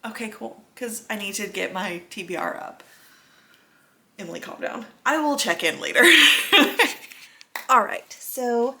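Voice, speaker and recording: Gravelly, bright-voiced woman vlogger. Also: medium pitch, normal speed, hardly any pauses, a little hiss or hum. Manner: blunt and profane. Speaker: book vlogger. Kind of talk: casual ranting vlog.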